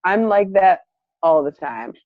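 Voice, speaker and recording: Fairly low-pitched and a bit slow, a woman relates a story in casual chat with plenty of laughter, voicing the characters' quotes. It's an animated delivery on a muffled, dry lo-fi recording without room sound.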